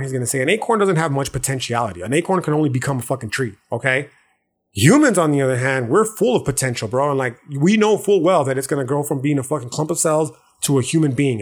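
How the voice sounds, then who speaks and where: A man hosting a podcast, talking through philosophy in a loose, profane, slangy monologue that keeps checking in with the listener. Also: medium pitch. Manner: profane, slangy, loose street-talk delivery; frequent restarts and check-ins like "okay" and "right". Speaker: podcast host.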